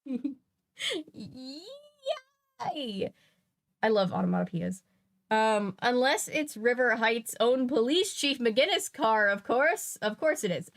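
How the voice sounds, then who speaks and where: A woman's voice: on the high side, lively intonation, measured pace. A woman hosting a stream, chatting casually as she reads comics aloud, often trailing off and restarting her sentences. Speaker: streamer host. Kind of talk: casual chat while reading comics aloud.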